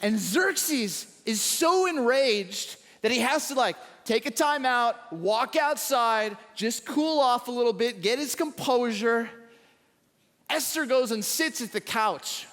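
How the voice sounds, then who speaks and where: High-voiced man pastor, lively storytelling sermon, recorded in a reverberant church auditorium. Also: slow pace. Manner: animated storytelling with acted quotes. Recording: echoey large hall.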